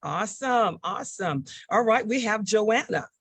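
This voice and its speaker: A woman's voice: mid-range voice, animated, moderate pace, slightly rough, no echo. A woman hosting a panel talk show, upbeat and often repeating "awesome" between guests.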